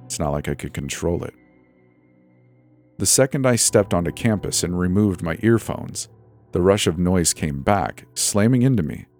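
A man narrating a horror story in a measured, dramatic storytelling manner. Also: low-pitched, darkish tone. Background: faint background music.

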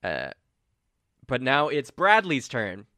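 Man running a tabletop game, casual narration, bright voice, dry close mic. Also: medium pitch, huge pitch swings, slow, dry recording. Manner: casual, chatty narration with fillers. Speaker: game master.

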